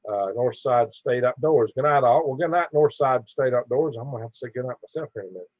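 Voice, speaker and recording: A man's voice: medium pitch, fast talker, darkish tone, no room sound, dull audio. A middle-aged man hosting a casual live stream, reading viewer comments aloud in a chatty, tired way. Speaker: livestream host.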